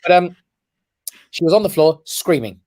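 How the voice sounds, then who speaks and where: A man, a guest on a talk show, telling a personal story with lively emphasis and frequent "right?" check-ins. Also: on the high side, moderate pace. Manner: animated storyteller who keeps checking in with "right?". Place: his office.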